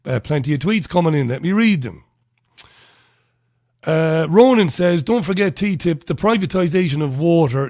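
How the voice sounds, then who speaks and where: A man's voice: on the high side, a little mellow, no echo, clean studio sound. A man with an Irish accent hosting a talk radio show, giving blunt, scornful commentary and reading out listener messages.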